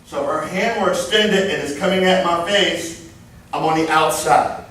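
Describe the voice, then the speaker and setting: Man in his fifties, safety trainer, joking and lively, slightly high voice, very echoey room, far from the mic. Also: moderate pace, a little hiss or hum. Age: 50s. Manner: animated, joking, demonstrating moves. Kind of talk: live training class.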